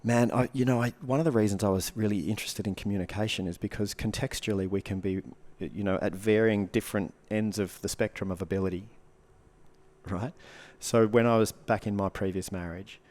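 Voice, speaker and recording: Lowish-voiced man talking animatedly. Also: brisk. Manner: animated, swears freely, acts out quoted reactions. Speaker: guest coach and speaker. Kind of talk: casual podcast conversation.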